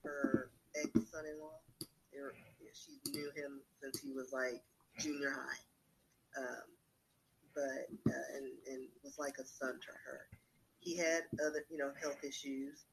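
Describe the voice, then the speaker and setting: A man talking in a relaxed group discussion at a medium pitch. His delivery is frank and rambling, full of fillers and side remarks. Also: measured pace, creaky, a little hiss or hum, poor audio. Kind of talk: casual chat.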